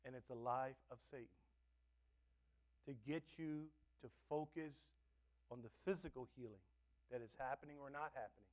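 A male pastor preaching a sermon, swinging between loud emphatic words and soft, quiet asides. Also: mid-range voice, moderate pace, long pauses. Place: church.

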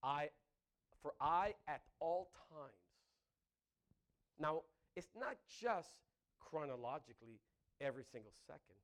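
A man preaching a sermon, animated and laughing between phrases, often asking the congregation "Amen?". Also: fairly high pitch. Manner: breaks into laughter mid-sentence.

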